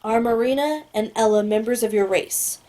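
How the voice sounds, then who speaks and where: A woman's voice: fairly high pitch, moderate pace, close to an everyday voice. Woman reading as a cold male government agent. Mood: impatient questioning. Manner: flat, clipped questioning. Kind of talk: audiobook character voice.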